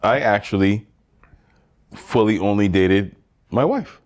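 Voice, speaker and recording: A man from Barbados, a podcast co-host in casual chat, teasing and quick to laugh. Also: fairly low pitch.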